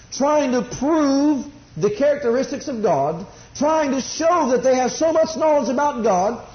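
A middle-aged man preaching a sermon, swinging between soft asides and rising exclamations. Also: very high-pitched. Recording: dull roomy recording.

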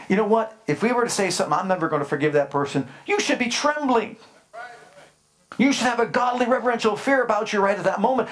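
A man pastor preaching a sermon emphatically, speaking straight to his congregation and building into fervent, rising passages. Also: a little high. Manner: addresses the congregation directly with calls like "Amen?".

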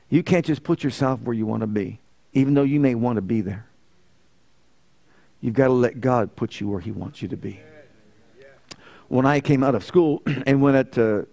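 A man preaching a sermon as pastor, telling a story with swings from loud emphasis to quiet. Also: mid-range voice. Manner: storytelling preacher, rising loud and emphatic then dropping soft. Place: church.

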